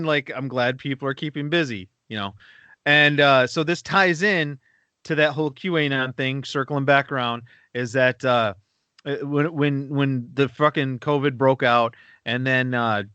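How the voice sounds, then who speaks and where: A man's voice: mid-range voice, normal speed, pushed and bright, clear, resonant tone, dry recording, muffled recording. A man co-hosting a podcast, rambling and swearing through casual banter. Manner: rambling, profane, laughs at his own stories. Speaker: podcast co-host.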